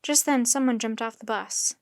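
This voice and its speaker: A woman storyteller reading a children's chapter book aloud in steady, clear narration. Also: a little high, moderate pace, no room sound, studio quality.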